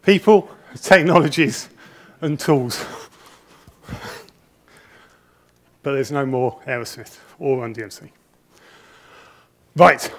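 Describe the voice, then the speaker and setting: Nervous man giving a conference talk. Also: a little high. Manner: nervous, chatty storyteller with self-deprecating humour. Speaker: conference speaker. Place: conference hall. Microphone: wireless presenter mic with a body pack.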